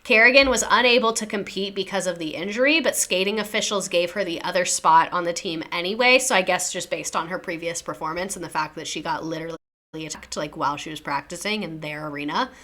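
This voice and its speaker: Bright-voiced young woman telling a true-crime story. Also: fairly low pitch, quick pace. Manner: chatty, slangy, reacting to chat.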